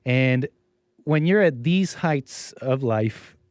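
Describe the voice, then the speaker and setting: A man's voice: medium pitch, expressive, takes it slowly, a little mellow, dry recording, clean studio sound. A man hosting a live stream, commenting on a video in a rambling, sarcastic way with frequent restarts.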